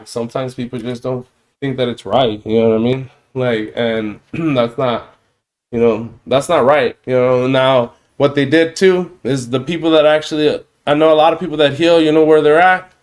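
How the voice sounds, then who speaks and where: A man's voice: medium pitch, fairly even intonation, brisk. Rambling man hosting a casual podcast. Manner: rambling, loose, often asks "you know what I mean". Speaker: podcast host.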